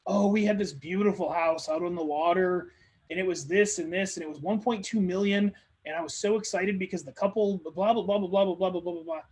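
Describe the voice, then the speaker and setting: Man doing a gushing female real estate agent, high voice, husky, talkative. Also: brisk, a little mellow. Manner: gushing, eager to talk about her work.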